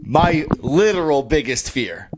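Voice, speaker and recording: A man's voice: on the high side, very animated, a little slow, background noise. A man co-hosting a podcast, reacting in laid-back, slangy, exclamatory casual chat. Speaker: podcast co-host.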